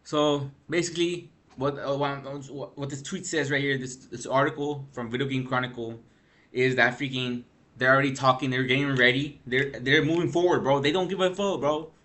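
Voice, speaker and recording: A man's voice: medium pitch, fairly even intonation, moderate pace, fairly bright tone. A man vlogging gaming news in a rambling, slangy rant, tired from lack of sleep. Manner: rambling, slangy, frequent "bro" and "freaking". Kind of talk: casual ranting commentary.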